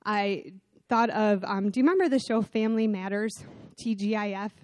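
A middle-aged woman preaching a sermon in church, telling a self-deprecating personal story with animated delivery. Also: medium pitch, moderate pace, no echo. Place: church sanctuary.

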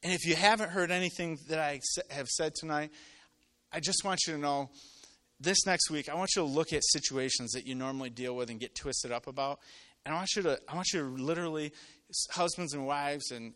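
A man preaching a sermon to a live congregation, telling stories and acting out voices, swinging from loud to quiet. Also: a little high, fairly quick. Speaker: pastor. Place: church with live audience.

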